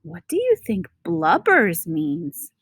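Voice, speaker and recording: Woman reading a picture book aloud to children: very slow, lively pitch, explains words as she goes, dry sound. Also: husky, no room sound. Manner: slow, expressive, explains words to young listeners.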